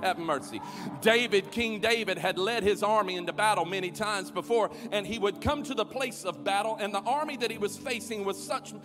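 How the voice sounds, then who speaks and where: A man preaching a sermon as pastor, calling on the crowd to respond and swelling to shouts. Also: high-pitched. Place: large church auditorium. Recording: long hall reverb with music behind.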